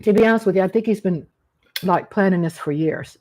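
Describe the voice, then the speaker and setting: A woman's voice: mid-range voice, fairly quick, darkish tone. A middle-aged woman chatting casually about family cooking while eating, rambling and homey, with frequent restarts. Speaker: food vlogger. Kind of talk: casual mukbang chat. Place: home, eating at a table.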